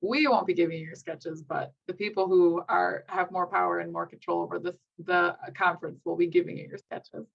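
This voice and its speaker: A woman moderating a session, wrapping up in a brisk, organized way over a video call. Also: on the low side, steady tone, creaky, muffled recording. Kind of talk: session wrap-up.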